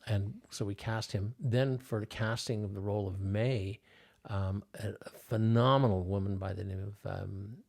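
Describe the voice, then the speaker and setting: A man's voice: lowish voice, steady tone, moderate pace, vocal fry, darkish tone. An older man, a filmmaker guest on a podcast, telling stories casually with lots of fillers and restarts. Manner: rambling, many restarts and fillers. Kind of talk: casual storytelling interview.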